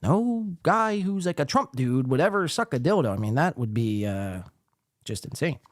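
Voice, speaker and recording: A man rants through a live podcast, mocking and profane. His pitch leaps high and drops low as he talks, and the sound is dry and close with no room around it. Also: sing-song, normal speed, no room sound. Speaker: podcast host. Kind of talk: ranting live podcast commentary.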